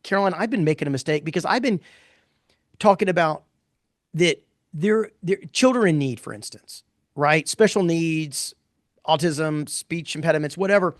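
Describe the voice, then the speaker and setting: Middle-aged male pollster, slightly high voice, blunt and animated, restarts often. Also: moderate pace, no echo, studio quality. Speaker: pollster presenting poll results. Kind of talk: casual live webinar talk.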